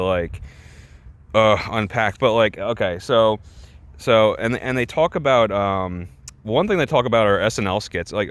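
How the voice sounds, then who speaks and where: A man's voice: lowish voice, a bit bright, clear, resonant tone. Rambling, exasperated male vlogger. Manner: rambling, exasperated, with many restarts. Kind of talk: ranting reaction commentary.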